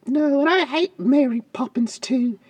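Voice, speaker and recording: A man voicing a spoiled, sulky young woman nanny in a whiny falsetto with a mock British accent in an improvised comedy podcast. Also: unhurried, a little mellow, husky, no room sound, highs cut off, full character voice. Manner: shrill falsetto, petulant whining.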